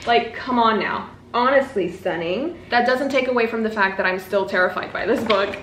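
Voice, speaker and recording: Bubbly and self-mocking, a young booktuber with a mid-range voice talks casually through her book vlog, adding dramatic asides. The audio has a little hiss or hum, recorded in an echoey room with faint ambience.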